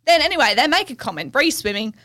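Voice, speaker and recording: A woman's voice: sits high, quick pace, dry recording, clean studio sound. A young woman, co-hosting a casual podcast and telling stories with lots of laughter and acted-out quotes. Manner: animated storyteller, laughs often, acts out quotes. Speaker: podcast co-host. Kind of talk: casual chat.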